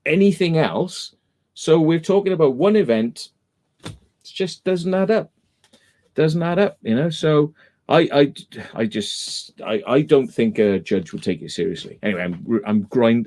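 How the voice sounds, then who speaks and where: A man's voice: mid-range voice, darkish tone. Emphatic man hosting a stream. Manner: emphatic, repeats his points while retelling a dispute. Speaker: live-stream host. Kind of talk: casual live-stream chat.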